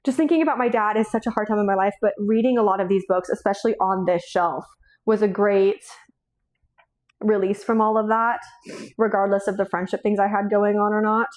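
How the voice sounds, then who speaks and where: A young woman runs a book vlog and rambles casually about her books, with plenty of swearing and frequent laughter, her voice tearful and unsteady. It is medium-pitched and a little mellow, with fairly even intonation and a slightly fast pace.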